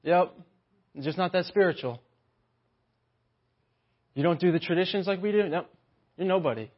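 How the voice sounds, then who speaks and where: A man's voice: sits high, moderate pace, dull audio. A man preaching a sermon with animation, often acting out mocking voices of the people he describes.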